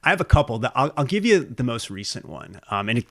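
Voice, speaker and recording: A man speaking as a podcast guest in an earnest, halting way, often restarting his sentences. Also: medium pitch, sing-song. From United States. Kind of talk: casual interview. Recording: podcast interview.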